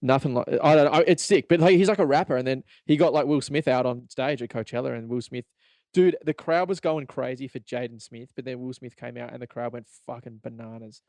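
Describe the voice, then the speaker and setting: A man's voice: mid-range voice, brisk, no echo. Rambling, profane Australian man. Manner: profane, rambling, animated, laughs often. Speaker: podcast host. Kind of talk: casual solo podcast rant.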